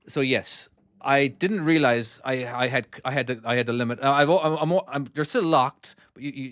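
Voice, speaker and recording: A man's voice: medium pitch, fairly bright tone, no echo, clean studio sound. Chatty man streaming his game. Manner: chatty, easily distracted, reads comments aloud. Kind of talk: casual live-stream chat while playing.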